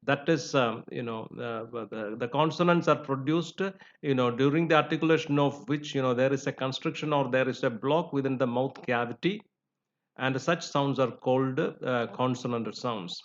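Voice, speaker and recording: A man teaching English phonetics in a lecture, explaining slowly with frequent "you know" fillers and spoken examples. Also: mid-range voice. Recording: dull lo-fi recording.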